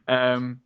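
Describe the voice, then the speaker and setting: A man's voice: sits high, bright, forceful tone, lo-fi sound. A man from Liverpool with a Scouse accent, a chatty guest in a casual conversation, rambling and laughing often. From Liverpool, England. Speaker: guest, podcaster and activist.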